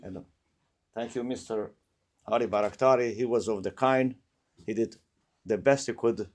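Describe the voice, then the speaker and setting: A man giving brief, halting tribute remarks at a memorial event. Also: mid-range voice, darkish tone.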